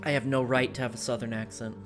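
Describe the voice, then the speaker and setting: Over music, an American woman with a General American accent streams a strategy game, talking casually and reasoning aloud as she drifts between thoughts. She has a bass voice, a flat delivery, and speaks fast.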